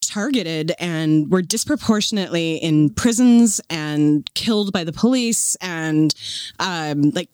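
A woman's voice: on the low side, animated, darkish tone, clear, resonant tone, no room sound. Thoughtful woman co-host, dry sound. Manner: thoughtful, pauses to find words, laughs often. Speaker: podcast co-host. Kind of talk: casual chat.

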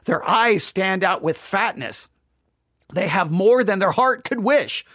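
A Bible teacher leads a devotional study, reading scripture aloud and then explaining it conversationally, at times acting out the voices of the proud and the doubter. His high, slightly bright voice is animated and unhurried, in clean studio sound with no room sound.

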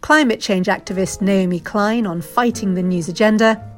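A woman podcast host narrating a scripted trailer in a measured, inviting way. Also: medium pitch. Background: faint music.

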